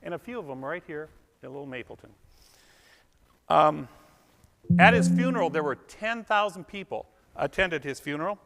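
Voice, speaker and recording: A man's voice: a little high, expressive, normal speed, gravelly, long pauses, fairly bright tone, in a large hall, slight background noise. A man emceeing a club dinner, telling folksy, self-deprecating jokes and trivia to a live audience. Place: event hall with a live audience.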